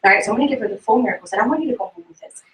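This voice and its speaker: A woman giving a sales tip to a group in a brisk way, asking the audience questions as she goes. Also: on the high side, a little hiss or hum. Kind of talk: motivational talk to a group. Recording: echoey room, mic far off.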